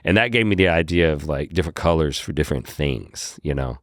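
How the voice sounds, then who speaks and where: A man, a podcast guest, telling a story in a casual, animated way and acting out his own lines. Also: rumbling low, brisk, no room sound, clean studio sound. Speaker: podcast guest, whiskey brand founder.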